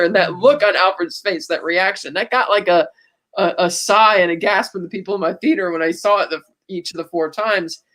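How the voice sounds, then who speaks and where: A man's voice: high-pitched, normal speed, fairly bright tone. A man co-hosting a podcast in casual chat, retelling movie scenes and quoting the characters' lines along the way. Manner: frequent restarts and laughs while recapping. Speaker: podcast co-host.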